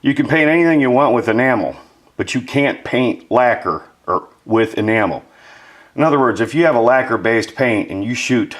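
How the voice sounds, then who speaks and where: A man chatting casually while he explains his model-building work, self-deprecating and explanatory. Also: on the low side. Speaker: model maker. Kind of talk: casual workshop narration.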